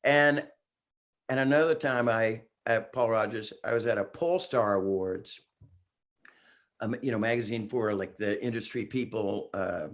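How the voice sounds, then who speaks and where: A man in his sixties, a singer guesting on a podcast, telling excited stories in casual chat and laughing often. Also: lowish voice, unhurried. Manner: excitable storyteller, laughs often, acts out quotes.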